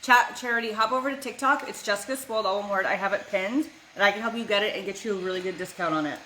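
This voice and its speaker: Bright-voiced woman chatting with her live stream. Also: mid-range voice, quick pace, slight background noise. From United States. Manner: blunt, swears freely, talks to chat by name. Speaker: vlogger answering live chat. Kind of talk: casual live-stream chat. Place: at home.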